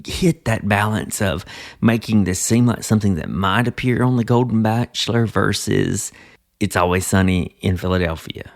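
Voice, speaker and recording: A man's voice: on the low side, normal speed. A man hosting a podcast in casual chat with a Southern US accent, thoughtful, with small laughs. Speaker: podcast host.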